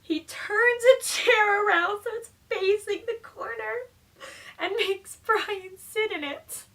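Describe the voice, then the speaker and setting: A woman with a bright, high voice tells a story in a relaxed vlog. She talks in a chatty, animated way, full of "like" and quick laughs. Her voice sits a little back from the mic. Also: creaky, far from the mic. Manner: chatty and animated, heavy use of "like", laughing often. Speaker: vlogger telling a story. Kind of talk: casual storytime narration.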